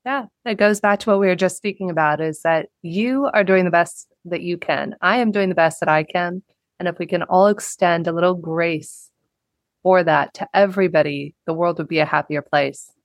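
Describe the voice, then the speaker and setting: Low-voiced woman podcast host, encouraging. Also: moderate pace, no echo. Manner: warm, encouraging, effusive. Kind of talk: podcast interview.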